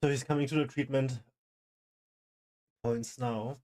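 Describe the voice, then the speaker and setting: A man's voice: medium pitch, steady tone, a little slow, a little mellow. A man streaming a reaction to a video, making short, reflective and personal remarks. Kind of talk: casual reaction commentary.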